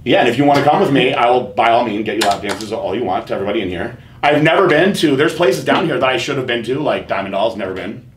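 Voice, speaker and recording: A man hosting a podcast in casual chat, telling candid stories with profanity and animated quoting. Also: medium pitch, fast talker, hardly any pauses. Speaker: podcast host. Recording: echoey room with faint noise.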